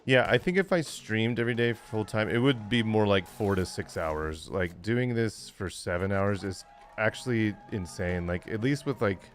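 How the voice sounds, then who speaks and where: Man, 40s, game streamer, tired, lowish voice, loose rambling chat. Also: normal speed, few pauses. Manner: rambling, many fillers, chuckling often. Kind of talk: casual gaming livestream chat.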